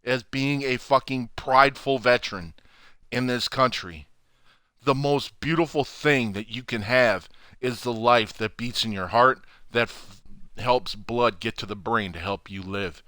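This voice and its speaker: A man hosting his own channel, ranting furiously to camera from home with heavy swearing and loud outbursts. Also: mid-range voice, a little slow, smooth, no room sound, studio quality. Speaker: channel host. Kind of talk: angry profane rant to camera.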